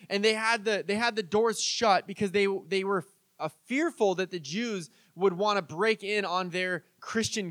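A man's voice: high voice, fairly bright tone, dry recording. A man in his thirties preaching a conversational sermon, telling stories and acting out quoted voices. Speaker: pastor.

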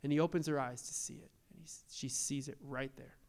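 A young adult man preaching a sermon as pastor, animated, repeating rhetorical questions and acting out quoted voices. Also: medium pitch, a little fast, vocal fry.

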